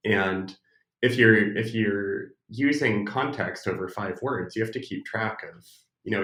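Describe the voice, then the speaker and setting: A man's voice: fairly low pitch, fairly bright tone. An American man being interviewed as an expert, speaking thoughtfully with hesitations and restarts. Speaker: podcast guest, speech technology expert. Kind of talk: casual interview talk. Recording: roomy echo.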